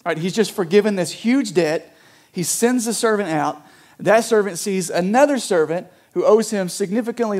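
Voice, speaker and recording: A man preaching a sermon in a conversational way, often checking in with "right?" as he explains a parable. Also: high-pitched. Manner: conversational, frequent "right?" asides. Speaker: pastor.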